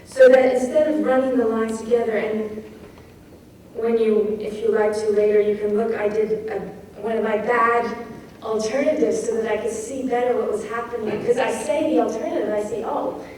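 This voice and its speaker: In an echoey lecture hall, a woman with a fairly high, dark-toned voice gives a poetry craft talk, analyzing a poem. She reads lines aloud with emphasis and pauses to reflect. The recording is distant, very reverberant, and carries faint noise.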